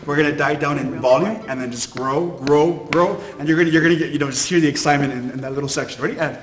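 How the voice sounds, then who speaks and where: A man's voice: a little high, fast talker. A man teaching a violin section in an upbeat, encouraging way, counting in and explaining dynamics. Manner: upbeat, encouraging, switches between languages. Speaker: violin instructor. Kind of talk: music lesson. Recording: echoey room with instruments playing.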